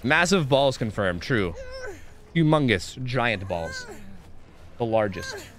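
A man's voice: mid-range voice, takes it slowly. A man streaming a game, chatting casually, joking and swearing a lot as he plays. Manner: excitable, swears a lot, jokey. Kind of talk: casual gameplay commentary.

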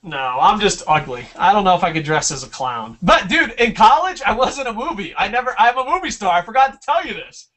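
A young man from New Jersey talks through a loose, swear-filled podcast chat. His pitch swings up and down as he rambles through stories. He sits a little back from the mic. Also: sing-song, fairly quick, hardly any pauses, sharp tone, distant mic. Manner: profane, rambling storyteller. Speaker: podcast co-host.

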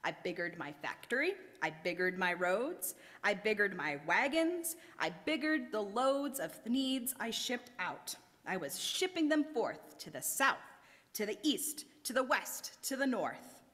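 A woman reading a rhyming storybook aloud at a worship service, telling it in an expressive, theatrical way. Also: medium pitch, unhurried, big-room sound. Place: church sanctuary.

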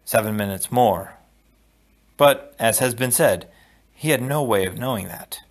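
A man reading a novel aloud in a steady, measured narration. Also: mid-range voice. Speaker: audiobook reader. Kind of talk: storybook read-aloud.

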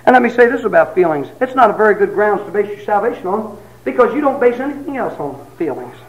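A man preaching a sermon, telling folksy stories, acting out quotes and rising to shouts. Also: high-pitched, sing-song, quick pace, lo-fi sound.

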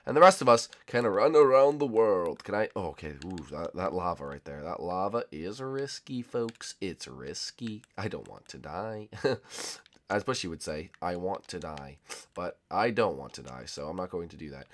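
A young gaming YouTuber gives casual, excitable let's-play commentary, swinging between loud shouts and low muttering.

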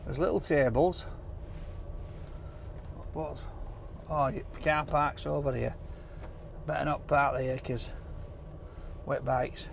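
A jokey, talkative man with a Yorkshire accent, chatting to the camera from behind the wheel. His voice sits a little high for a man. Steady road noise rumbles under everything. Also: takes it slowly, creaky, long pauses. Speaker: food vlogger host. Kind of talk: casual vlog chat while driving. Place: inside a car on country roads. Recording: road noise from a moving car.

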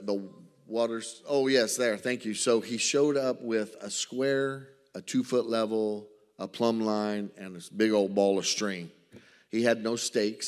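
A male missionary with a Southern US accent, telling a folksy story to a church and acting out the conversations. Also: lowish voice. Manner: folksy storytelling, acts out dialogue. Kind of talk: church mission report with slides. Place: church sanctuary. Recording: reverberant church hall.

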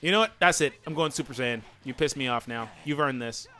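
A man doing let's play commentary, excitable and yelling taunts at his opponents over faint game music. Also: mid-range voice, a little fast. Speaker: gaming channel host.

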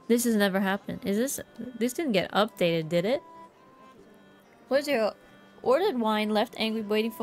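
A woman's voice: medium pitch, moderate pace, long pauses, soft background music. A woman streaming a game, chatting casually to herself in a playful, jokingly bossy way. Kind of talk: casual gameplay commentary.

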